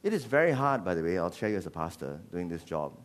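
A man preaching a sermon as pastor, animated and jokey. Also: low-pitched, fast. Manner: animated, jokey, switches into voices.

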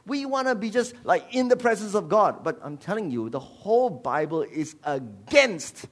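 A man preaching a sermon as pastor, animated and jokey. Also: high-pitched, normal speed, few pauses. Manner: animated, jokey, switches into voices.

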